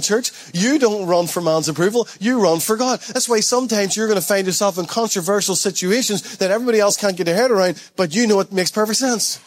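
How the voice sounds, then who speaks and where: A male pastor delivering a sermon with a fairly high voice. He talks to the church like he's chatting with them, then climbs higher as the story gets exciting. He calls out to the room for an answer as he goes. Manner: storytelling, builds up with rising excitement; conversational, calls out to the congregation.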